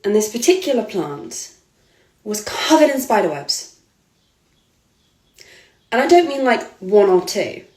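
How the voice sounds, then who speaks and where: A woman's voice: medium pitch, sing-song, unhurried, long pauses, darkish tone. A woman, a model giving an earnest, hesitant personal account. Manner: earnest, hesitant, with frequent ums and restarts. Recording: echoey room.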